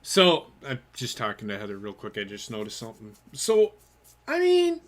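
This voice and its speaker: A man's voice: medium pitch, wildly swooping pitch, moderate pace. A man co-hosting a casual sports podcast, ranting bluntly and cursing heavily. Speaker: podcast co-host.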